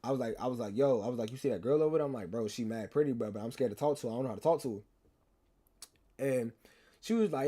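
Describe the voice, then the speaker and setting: A man's voice: medium pitch, animated, quick pace, mellow. A young man, telling a rambling, slangy story to his stream chat and teasing viewers. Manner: rambling, slangy, repeats himself, teases chat.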